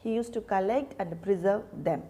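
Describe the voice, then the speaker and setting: In a warm, mid-range voice, a woman explains a literature lesson slowly. She asks herself questions and then answers them, often repeating names and starting phrases over.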